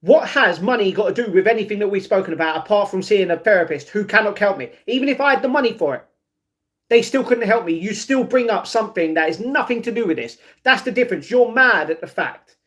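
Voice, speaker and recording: Talking fast in a high, expressive, fairly bright voice, a young man chats casually on his livestream. He reads and responds to his chat, frequently tacking on "you know what I mean."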